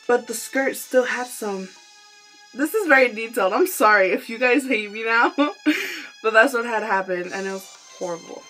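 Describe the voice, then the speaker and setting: A woman's voice: on the high side, fairly bright tone, low-quality recording. A young woman vlogger telling a story in a candid, profane, chatty way, breaking into giggles often and tossing in apologetic asides. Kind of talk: casual storytelling vlog. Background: faint instrumental music.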